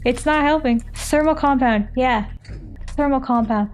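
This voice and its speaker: Young woman streamer, high voice, rambling, tired, jokes with chat from a desk mic. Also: measured pace. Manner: rambling, thinks aloud, jokey with chat. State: foggy and tired. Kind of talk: casual live-stream chat while gaming.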